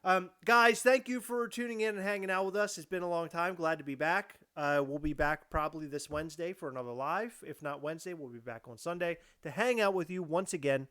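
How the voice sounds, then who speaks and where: A man's voice: on the high side, a little fast, few pauses, bright, forceful tone, clean tone, no room sound, studio quality. A male podcast host chatting casually from home, laughing easily and bantering with his guest.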